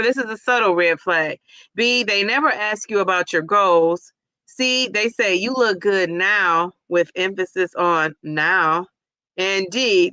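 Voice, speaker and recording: A woman's voice: medium pitch, pushed and bright, clean tone, no echo. A woman hosting a casual livestream, chatty and laughing easily as she reads a quiz and viewer comments aloud. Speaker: livestream host.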